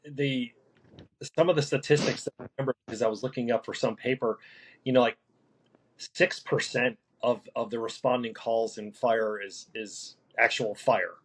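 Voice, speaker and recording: A man who works as a paramedic, talking through a casual podcast conversation in a halting way, with many restarts and fillers. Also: medium pitch, steady tone, slightly rough, low-quality recording. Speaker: paramedic guest.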